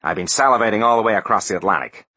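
A man voicing a cocky, brash middle-aged American businessman in a storybook reading, with an American accent and a loud, pushy manner. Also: on the low side, rapid-fire, slightly rough, voice pushed up.

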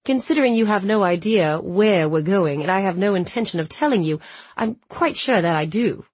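A woman's voice: mid-range voice, expressive, husky, no echo. A woman voicing a smug, teasing young man in an audiobook, drawing out his words with amusement. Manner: teasing, drawn-out amused delivery. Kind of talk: audiobook character reading.

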